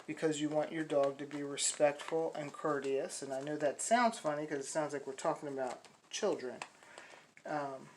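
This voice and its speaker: A middle-aged woman with a low, deep-set voice talks to puppy buyers in a loose, rambling way, full of ums and restarts. She records on her phone, and a faint hiss of noise sits behind her. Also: normal speed, poor audio. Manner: chatty, rambling with many fillers and restarts; high sing-song baby talk to the puppies. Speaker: dog breeder. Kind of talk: casual vlog to puppy buyers.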